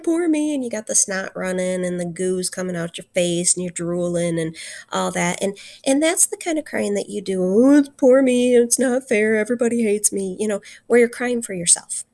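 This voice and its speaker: Earnest gravelly-voiced woman teacher. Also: on the high side, darkish tone. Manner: earnest, slows down for emphasis. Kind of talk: recorded literature lesson.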